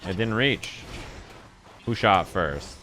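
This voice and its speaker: A man's voice: lowish voice, lively intonation, slow pace, noisy background. A man rambling and swearing casually to his chat while playing a fighting game live. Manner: profane, rambling, exasperated. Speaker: streamer.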